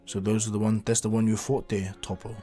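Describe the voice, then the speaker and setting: Stoic alien powerhouse, low and measured, man voicing him; faint music. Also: little pitch movement, warm tone, lightly acted. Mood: impressed. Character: stoic, mighty male alien warrior.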